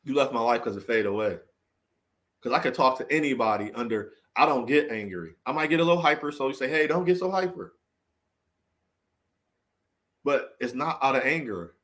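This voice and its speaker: A vlogger gives a motivational talk as an unscripted, heartfelt monologue, earnest and preachy, with restarts, repeated phrases and emphatic rhetorical questions. His mid-range voice is expressive, brisk and a bit bright, swinging between raised and subdued delivery.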